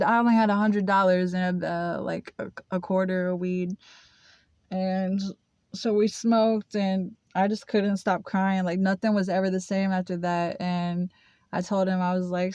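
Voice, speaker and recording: Halting confessional young woman, flat delivery. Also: medium pitch, clear, resonant tone, no room sound, highs cut off. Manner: halting, full of fillers and restarts; confessional, emotional. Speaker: vlogger. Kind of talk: casual storytelling.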